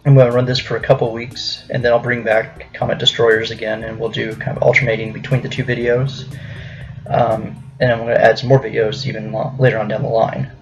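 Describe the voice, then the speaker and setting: Young American male vlogger, halting delivery, gravelly edge, dull lo-fi recording. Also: medium pitch, level tone. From United States. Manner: hesitant, many ums and restarts. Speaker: YouTuber host. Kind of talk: casual vlog commentary. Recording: dull lo-fi with faint music.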